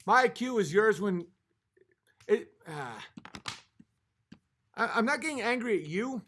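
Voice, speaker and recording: A man with a high-pitched, somewhat bright voice hosts a late-night livestream. Having had a few drinks, he reads chat comments aloud and rants heatedly, swearing constantly.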